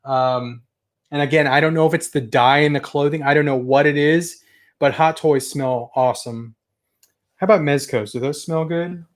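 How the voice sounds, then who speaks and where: Man, young adult, slightly high voice, rambling, enthusiastic, casual livestream chat. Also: normal speed. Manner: chatty, rambling, enthusiastic, mild swearing. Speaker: toy collector channel host. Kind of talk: casual livestream chat reading viewer comments.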